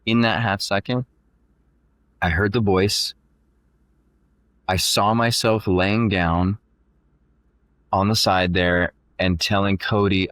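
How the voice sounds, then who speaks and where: Deep-voiced man telling a race story. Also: measured pace, no room sound. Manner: animated, quoting himself and others, frequent fillers. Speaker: podcast guest. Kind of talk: casual storytelling.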